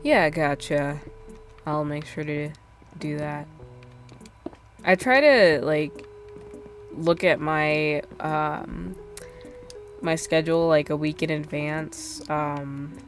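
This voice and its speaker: A woman's voice: sits low, slow, pauses often, soft background music. A woman streamer chatting casually while she plays, rambling with lots of fillers and self-deprecating asides. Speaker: game streamer. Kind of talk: casual gameplay chat.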